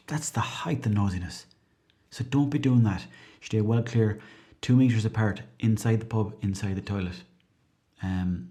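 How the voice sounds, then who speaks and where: A man's voice: on the low side, dark tone. A man with an Irish accent hosting a comedy podcast in a rambling, chatty, self-mocking monologue. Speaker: podcast host.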